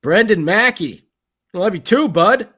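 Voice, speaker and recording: A man co-hosting a casual sports podcast, excitable and rambling, with lots of fillers. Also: high-pitched, unhurried, breathy edge. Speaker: podcast co-host.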